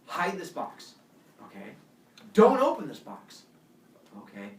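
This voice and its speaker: A sly, scheming king of the gods who coaxes and presses his point, as a man plays him for a class. The lively voice echoes and sounds distant. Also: on the high side, moderate pace, natural voice. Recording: roomy classroom heard from afar.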